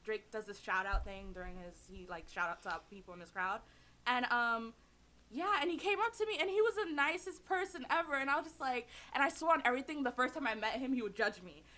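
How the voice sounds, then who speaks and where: Bright, giggly teenage girl telling stories. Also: a little high, a little fast. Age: teens. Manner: animated storytelling, full of likes and giggles. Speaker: student radio co-host. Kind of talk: casual chat.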